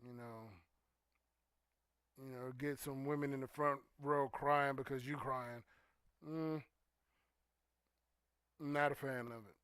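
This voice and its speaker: A man hosting a relaxed livestream talk show who greets viewers and reads their comments, talking loosely with plenty of "you know" and "um". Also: medium pitch, slow, long pauses, clean tone, no room sound. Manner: relaxed and conversational, with frequent "you know" and "um", trailing off quietly. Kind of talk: casual chat, reading and answering viewer comments.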